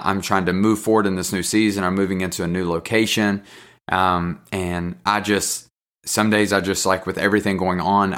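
Male podcast host, North Carolina accent, deeper voice, heartfelt and encouraging, casual solo talk. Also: fairly bright tone. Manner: earnest, encouraging, openly emotional.

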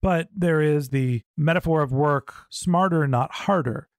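A man's voice: on the high side, a little slow, no echo, clean studio sound. A man in his forties from Silicon Valley, hosting a podcast interview in a casual, joking, tongue-in-cheek way. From Silicon Valley, USA. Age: 40s. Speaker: podcast host.

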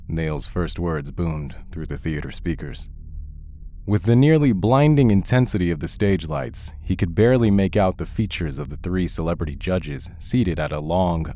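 Deep-voiced male story narrator. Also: dark tone. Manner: measured storytelling. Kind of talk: scripted audiobook narration.

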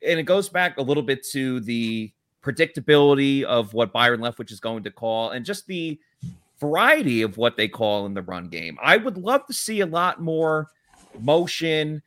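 A man co-hosts a live football chat stream, picking apart the team's line play in an analytical, excitable way. His voice is bright and swings all over in pitch, and the sound is dry and close. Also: normal speed, no room sound.

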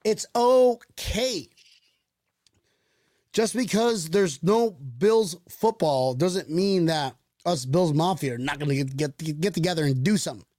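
A man co-hosting a casual podcast, jokey and animated. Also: fairly high pitch, unhurried, dry recording, studio quality. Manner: jokey, animated, puts on silly accents. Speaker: podcast co-host. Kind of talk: casual chat.

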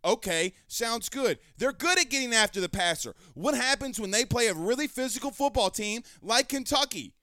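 A man hosting a sports talk show, ranting heatedly and raising his voice to shouts. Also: very high voice, lively intonation, moderate pace, hardly any pauses, dry recording. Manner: fiery, ranting, raises voice to shouting. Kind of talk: heated sports commentary rant.

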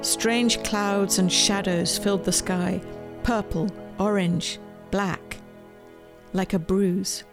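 Gentle woman storyteller over soft music. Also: medium pitch, steady tone, slow. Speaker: author reading her storybook. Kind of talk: storybook read-aloud. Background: faint music.

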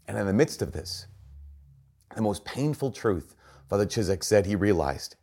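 A priest with a fairly low male voice delivers a homily. He tells the story earnestly and leans hard on the key phrases. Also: big pitch swings, normal speed, mellow, breathy edge.

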